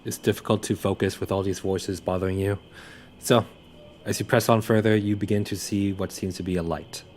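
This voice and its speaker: Young male game master, very low voice, halting narration full of fillers, faint noise behind. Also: fairly even intonation, darkish tone.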